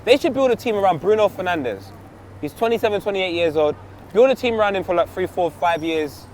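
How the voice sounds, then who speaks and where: A man with a London accent co-hosting a casual football chat, excitable, with loud outbursts and quiet asides. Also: sits high, fairly quick, slight background noise. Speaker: podcast co-host.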